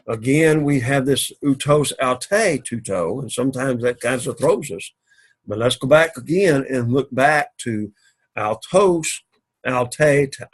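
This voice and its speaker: Male teacher, husky voice, patient repetitive classroom lecture. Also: medium pitch. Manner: methodical, repetitive explaining. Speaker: Greek teacher.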